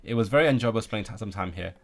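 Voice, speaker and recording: A man's voice: fairly low pitch, rapid-fire. Stammering, chatty man. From Hong Kong. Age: late 20s. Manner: chatty and joking, with frequent stammered restarts. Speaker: language-learning streamer. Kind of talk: casual live-stream chat, reading out viewer comments.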